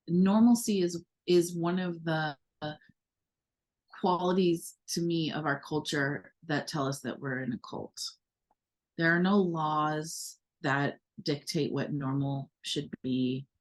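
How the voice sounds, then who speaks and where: A woman from the United States with a deep voice co-hosts a podcast, speaking slowly in casual conversation. She comes across as reflective and earnest, with many fillers and restarts.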